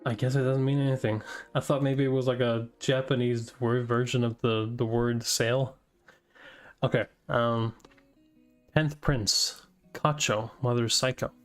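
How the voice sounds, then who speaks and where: A man casually reading a comic aloud and reacting, thinking out loud with many fillers and breaking into surprised swearing. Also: mid-range voice, level tone, a little slow, faint music behind. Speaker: host reading manga aloud.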